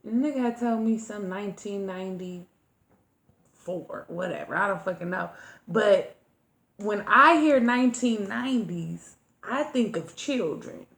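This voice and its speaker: A woman's voice: medium pitch, expressive, unhurried, fairly bright tone. A woman co-hosting a podcast, bantering bluntly in slang-heavy talk. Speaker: podcast co-host. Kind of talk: casual chat. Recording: echoey room.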